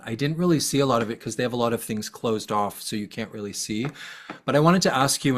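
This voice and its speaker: A man hosting an interview, speaking in a hesitant, friendly way with frequent fillers. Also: fairly low pitch. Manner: warm, hesitant, many fillers. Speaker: host. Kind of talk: casual interview chat.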